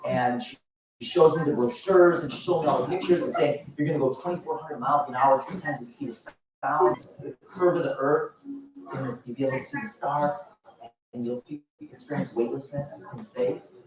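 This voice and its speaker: A man in his fifties giving a motivational speech at a business event, telling stories in an animated way with frequent restarts. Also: medium pitch, normal speed, background noise. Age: 50s. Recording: echoey hall, voice from far off.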